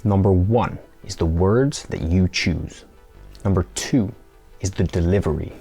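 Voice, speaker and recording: Deep-voiced man presenting a tutorial. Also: a little slow, creaky, mellow, slightly rough, soft background music. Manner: playful, acts out mock dialogue. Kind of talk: scripted tutorial talk.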